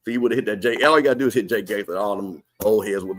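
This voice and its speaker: A man's voice: on the low side, racing, hardly any pauses, fairly bright tone. A man hosting a live game watch party and commentating casually, reading viewer comments and using loose, slangy talk. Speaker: watch party stream host. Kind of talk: live sports commentary chat.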